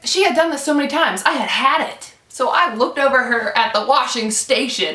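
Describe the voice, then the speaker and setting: A young woman telling a story casually, animated and swearing freely as she acts out what people said. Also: fairly high pitch, brisk, hardly any pauses. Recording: echoey room, from a distance.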